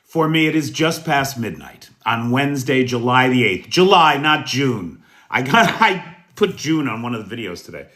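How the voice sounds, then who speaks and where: An American man hosting a casual livestream news show, greeting viewers by name in a folksy, unhurried way. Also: medium pitch, very animated, a bit bright. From United States. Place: indoors at night.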